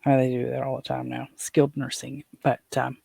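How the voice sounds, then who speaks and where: Older man with a gravelly, husky voice. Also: medium pitch, completely flat delivery, fairly quick, a little mellow, no echo. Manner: rambling, with frequent restarts and trailing fillers. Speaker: podcast host. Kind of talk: casual personal storytelling.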